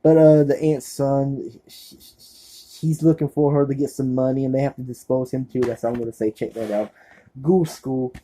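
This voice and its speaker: A man's voice: mid-range voice, steady tone, normal speed, mellow, rough recording. A man casually recommending horror films in a vlog, rambling with many fillers and restarts in an offhand, laid-back way. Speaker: horror movie reviewer.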